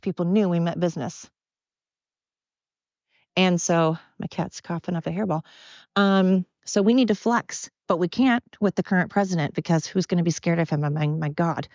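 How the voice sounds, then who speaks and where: In a dull, lo-fi, dry recording with no room sound, a woman with a lowish, darkish voice speaks at a moderate pace. She's hosting a solo podcast while walking around outdoors. Her casual rant is blunt, profane, heated, and repetitive.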